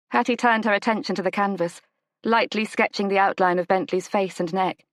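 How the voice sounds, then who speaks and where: A woman narrating a romance audiobook in a measured, gentle storytelling manner. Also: steady tone, no echo. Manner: measured, gentle storytelling, lifts pitch for the heroine's lines. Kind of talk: scripted narration of a romance novel.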